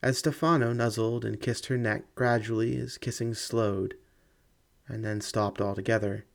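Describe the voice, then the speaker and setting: A man giving measured, dramatic scripted narration of a ghost story audiobook. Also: fairly low pitch, fairly even intonation, vocal fry.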